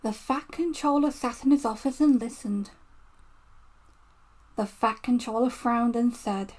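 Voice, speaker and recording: A woman narrating a children's storybook in a gentle read-aloud manner. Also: on the high side, measured pace, long pauses. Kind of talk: storybook reading.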